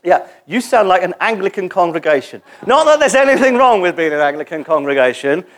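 A man preaching a sermon in a church gathering, animated and joking as he leads the congregation in call-and-response. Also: sits high, fairly quick.

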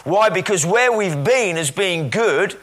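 A man's voice: high-pitched, lively intonation, a little slow, a bit bright. A man preaching a sermon as pastor, conversational and rambling, telling stories with plenty of fillers.

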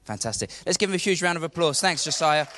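A man's voice: a little high, animated, fast talker, bright, forceful tone, slight background noise. A man leading a church service, interviewing members on stage in an upbeat, encouraging way. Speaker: church leader hosting on stage. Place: church hall with congregation.

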